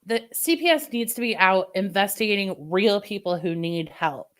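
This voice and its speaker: A woman's voice: mid-range voice, moderate pace. A woman livestreamer in casual chat with her viewers, venting opinions in a chatty way. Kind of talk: casual live-stream chat.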